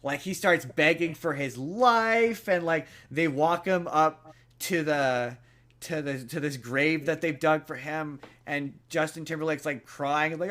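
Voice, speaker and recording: A man's voice: fairly high pitch, unhurried, a bit bright. Chatty young man retelling a movie. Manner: rambling retelling of a movie plot with many fillers. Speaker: podcast co-host. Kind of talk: casual chat.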